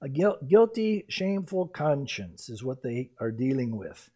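A man preaching a verse-by-verse Bible teaching sermon, animated and lively, sometimes acting out the people in the story. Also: medium pitch, a little slow. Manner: animated, acts out quoted voices and reactions, laughs at his own asides. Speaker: pastor.

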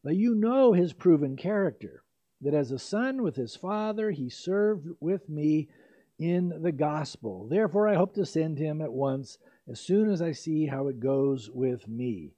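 Older pastor with a mellow voice. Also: male voice, on the high side, expressive, measured pace. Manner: conversational, self-correcting, with frequent fillers and asides. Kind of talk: expository sermon. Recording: dull lo-fi recording.

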